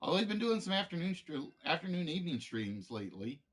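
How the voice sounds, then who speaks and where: A man's voice: a little high, big pitch swings, quick pace. A man hosting a live game show stream, chatting casually with viewers in a rambling way, full of fillers and restarts.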